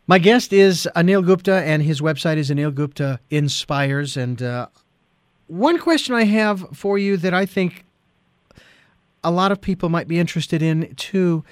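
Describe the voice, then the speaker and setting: A man's voice: fairly high pitch, animated, a little slow, clean tone, no room sound. A male radio talk show host in the studio, chatty and easily amused, with long rambling setups to his questions. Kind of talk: radio interview.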